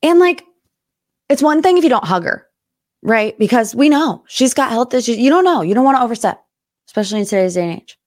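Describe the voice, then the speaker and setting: A woman's voice: on the high side, lively intonation, fairly quick, darkish tone, no room sound, clean studio sound. A young adult woman hosting a casual pop culture podcast, chatty and gossipy. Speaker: podcast host.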